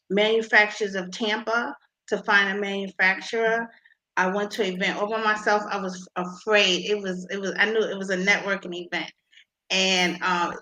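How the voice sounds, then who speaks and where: A woman being interviewed about her invention, talking with many pauses and restarts. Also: medium pitch, bright, forceful tone, low-quality recording. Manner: halting, many ums and restarts. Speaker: inventor guest.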